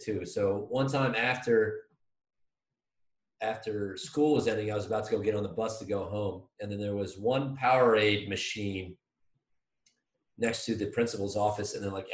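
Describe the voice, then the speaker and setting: A young man hosting a podcast, telling a rambling, profane school story in casual chat. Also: lowish voice. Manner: profane, rambling, acts out quotes loudly. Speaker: podcast host. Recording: echoey room.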